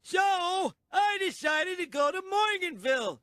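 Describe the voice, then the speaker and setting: Cartoon old man over 70, rambling, meandering, very high bright voice. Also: very animated, a little slow, no room sound, exaggerated voice.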